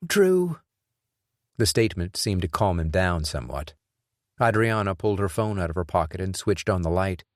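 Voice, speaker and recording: A man narrating an audiobook in a measured, even reading. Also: sits low, no room sound, studio quality. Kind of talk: scripted narration.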